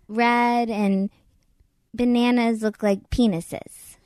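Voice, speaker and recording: A woman's voice: mid-range voice, expressive, moderate pace, no room sound. A woman hosting a chatty podcast, gushing and laughing often as she talks with a close friend. Her voice sits in a middle range and the sound is dry and close. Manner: giggly, effusive, gushing. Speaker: podcast host. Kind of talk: casual chat.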